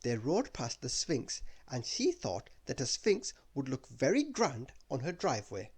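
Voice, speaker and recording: A man reading a children's storybook aloud in an expressive bedtime read-aloud style. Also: mid-range voice, measured pace, husky.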